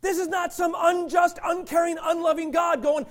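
A middle-aged male pastor, preaching a sermon and switching between shouted passages and quiet asides to the congregation. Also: extremely high pitch, level tone, moderate pace.

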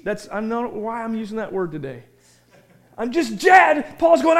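A man preaching a sermon in a church, animated and conversational, often breaking into excited shouting and asking the congregation questions. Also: extremely high pitch, moderate pace. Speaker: pastor. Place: church sanctuary.

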